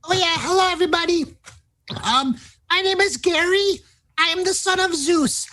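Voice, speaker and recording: A man's voice: very high voice, normal speed, pushed and bright, poor audio. A man voicing a boastful kobold who claims to be the son of a god. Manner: grandiose, self-satisfied. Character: boastful male kobold claiming divine birth.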